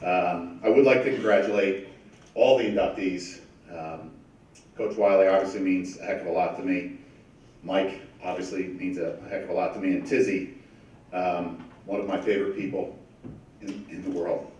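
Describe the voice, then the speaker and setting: A man giving an emotional, halting hall of fame speech, laughing through his emotion. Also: deep voice, steady tone, darkish tone, a little hiss or hum. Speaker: hall of fame presenter, former player and coach. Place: large echoey banquet room. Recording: echoey hall, distant mic.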